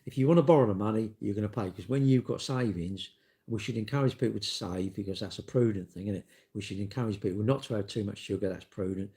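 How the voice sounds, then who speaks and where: A man's voice: on the low side, quick pace, dark tone. A man, ranting bluntly and swearing in a casual live-stream monologue. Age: 60s. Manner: blunt, sweary, storytelling with acted-out quotes.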